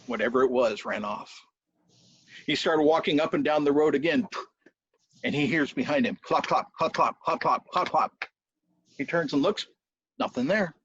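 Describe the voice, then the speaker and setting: A man telling a folk tale in a lively storytelling style, voicing sound effects along the way. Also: on the high side, moderate pace, long pauses, husky, no echo. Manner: animated, with spoken sound effects. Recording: dull dry lo-fi recording.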